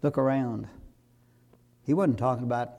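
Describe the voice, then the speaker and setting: A pastor, preaching a sermon that rises to loud, fervent exhortation. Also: male voice, medium pitch, moderate pace.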